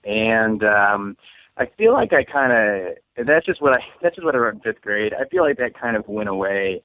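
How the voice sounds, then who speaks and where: Rambling comedian on a tinny phone-like line. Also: male voice, lowish voice, very animated, normal speed, dry recording. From Saint Louis, USA. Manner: rambling, heavy on fillers, laughs often. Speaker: comedian guest. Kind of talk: casual comedic chat.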